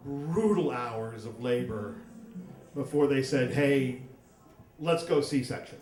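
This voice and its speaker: A man's voice: mid-range voice, a little mellow. A man telling a comic personal story on stage at a live story slam, with wry, self-mocking humor. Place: stage in a hall, live audience. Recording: roomy hall, mic from far off.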